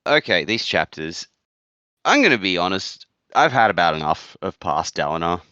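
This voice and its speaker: A man's voice: deep voice, big pitch swings, moderate pace, pushed and bright, clean tone, dry recording, highs cut off. A man co-hosting a casual book podcast, talking bluntly, swearing freely and laughing often. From outside the United States. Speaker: podcast co-host. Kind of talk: casual book-club chat.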